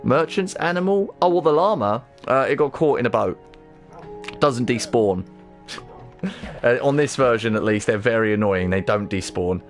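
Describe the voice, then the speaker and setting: A British man chatting casually on a gaming livestream, excitable, swearing a lot and often stammering or restarting his sentences. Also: medium pitch, normal speed, soft background music. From Britain.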